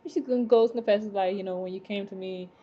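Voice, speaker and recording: A woman casually recapping a TV episode, rambling with many fillers and excited exclamations. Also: mid-range voice, fast talker, lo-fi sound. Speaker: TV episode reviewer.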